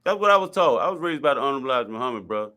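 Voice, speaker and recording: A man's voice: medium pitch, expressive, very fast, pushed and bright. A man talking casually and bluntly, explaining his view at length with repeated points and slang. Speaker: guest speaker. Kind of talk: casual discussion.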